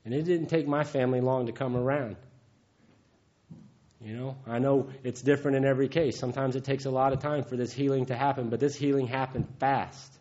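A man's voice: mid-range voice, steady tone, brisk, a little mellow. A man gives a heartfelt, folksy personal testimony at a recovery meeting, often chuckling. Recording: dull lo-fi recording.

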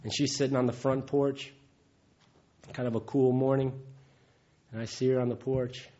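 A man's voice: medium pitch, level tone, normal speed, mellow. Folksy man, chuckling testimony. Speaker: recovery meeting speaker. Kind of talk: personal testimony talk. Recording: dull lo-fi recording.

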